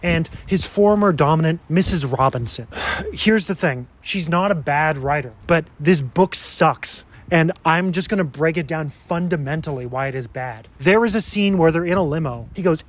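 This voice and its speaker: A man's voice: fairly high pitch, moderate pace. Sarcastic man reviewing a book. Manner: sarcastic, exasperated. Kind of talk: casual review.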